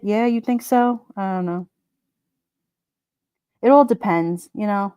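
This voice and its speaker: A woman's voice: mid-range voice, slow, dark tone, clear, resonant tone, no echo, clean studio sound. A middle-aged woman with a New York accent, hosting a casual livestream and chatting with viewers as she reads their comments, joking and laughing often. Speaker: livestream host. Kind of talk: casual live chat reading comments.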